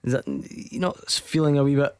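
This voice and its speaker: A Scottish man hosts a football phone-in from a studio, measured and even-handed as he weighs a caller's complaints. The sound is close and dry. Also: on the high side, clear, resonant tone, dry recording. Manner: measured, reasonable, reads out numbers. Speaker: radio host. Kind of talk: radio phone-in hosting. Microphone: studio mic.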